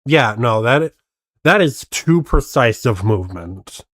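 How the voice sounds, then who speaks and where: A man chats slowly and skeptically as he reacts to a video on stream, working out how each trick was done. His voice is close and dry, with no room sound around it. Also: medium pitch, expressive, fairly bright tone, no room sound. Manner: skeptical, picks apart tricks. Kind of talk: casual reaction commentary.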